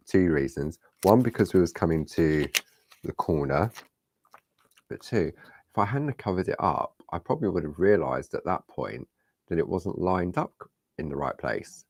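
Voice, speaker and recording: A man's voice: low-pitched, a little mellow, husky, no echo. A middle-aged man leading a live crafting tutorial, chatty and reassuring, talking straight to his viewers. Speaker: crafting demonstrator.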